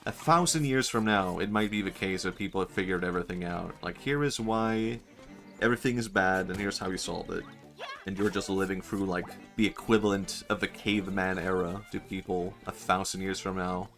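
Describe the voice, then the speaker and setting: Male streamer, low register, loose joking delivery over quiet game music. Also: fairly quick. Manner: rambling, joking, often laughing. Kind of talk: casual gaming stream chat.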